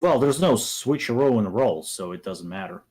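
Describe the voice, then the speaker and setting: Blunt low-voiced man on a podcast. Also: expressive, brisk, a little mellow. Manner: blunt, dismissive. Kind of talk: casual podcast chat.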